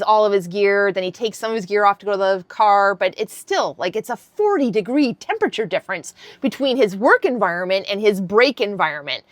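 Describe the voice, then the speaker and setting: A vlogger in her fifties tells an animated story in a casual video, blunt and quick to swear. Her voice is medium-pitched, with no room sound.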